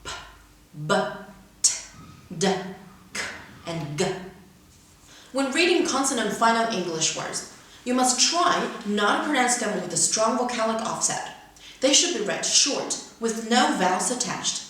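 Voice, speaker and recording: A woman's voice: a little high, sing-song, a bit bright. Woman teaching pronunciation in a big echo. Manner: careful, deliberate word-by-word modeling. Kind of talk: instructional lesson with read-aloud examples. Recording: very echoey room, mic far away.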